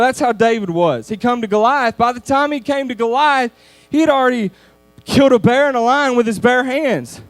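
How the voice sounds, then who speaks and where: A man giving a youth sermon lesson, in a conversational, animated storytelling manner. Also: very high-pitched, moderate pace, dry recording. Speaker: youth speaker.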